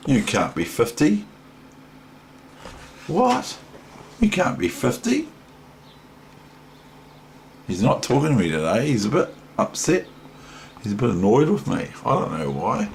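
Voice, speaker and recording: A man's voice: on the low side, sing-song, moderate pace, gravelly, slight background noise, low-quality recording. An older man with a New Zealand accent, a chess teacher rambling casually and chatting to his toys with many ums. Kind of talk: casual vlog chat.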